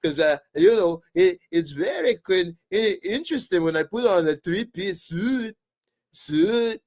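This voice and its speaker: A man's voice: high voice, lively intonation, measured pace, a little mellow, voice pushed up. A man doing an impression of a pompous male intellectual, speaking in a reedy, pleading voice. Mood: fawning. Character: pompous reedy male professor type, fawning.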